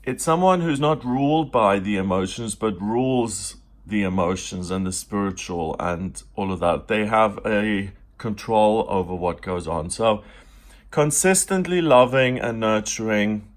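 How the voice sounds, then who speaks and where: A man giving a daily tarot reading in a chatty, animated way, now and then putting on little voices for the figures in the cards. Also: lowish voice, unhurried. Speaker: tarot reader. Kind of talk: casual spoken tarot reading.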